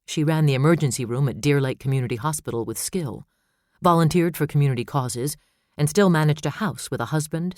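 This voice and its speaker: A man narrating a suspense novel in steady, measured storytelling. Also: fairly high pitch, dry recording, clean studio sound. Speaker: audiobook narrator. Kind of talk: scripted narration.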